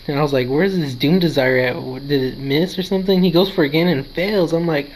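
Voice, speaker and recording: A man's voice: a little high, steady tone, fairly quick, slight background noise, rough recording. A man casually narrating his own game match, sleepy and yawning, retelling his reactions in a chatty way. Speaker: gaming video creator. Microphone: handheld console recording.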